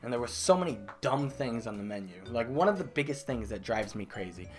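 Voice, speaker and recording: A young man vlogging a comedic storytime about his old job, animated, breaking into loud exaggerated outbursts and laughs. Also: mid-range voice, a little fast, soft background music. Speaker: vlogger telling a work story. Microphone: desk microphone.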